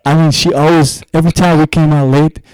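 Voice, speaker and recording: A man's voice: fairly high pitch, little pitch movement, brisk, darkish tone, clear, resonant tone, no room sound. Musician guest, male, loose anecdotal talker, dry recording. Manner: rambling anecdotal storytelling. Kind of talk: casual interview chat.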